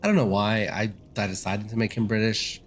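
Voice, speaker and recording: Low-ish guy rambling over a game, self-deprecating and chatty. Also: steady tone, fairly quick, soft background music. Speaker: gaming streamer. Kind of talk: casual gameplay commentary.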